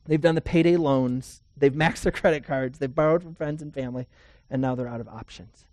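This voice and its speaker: Pastor preaching with loud and hushed swings. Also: mid-range voice, brisk, dry recording. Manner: dramatic swings between loud urgent passages and hushed soft ones; asks the audience rhetorical questions. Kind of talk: sermon.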